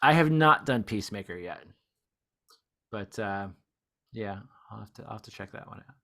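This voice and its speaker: A woman's voice: rumbling low, expressive, moderate pace, gravelly, fairly bright tone. A woman chatting on a podcast, laughing often and joking at her own expense in an easygoing way. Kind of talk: casual podcast chat. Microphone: podcast mic.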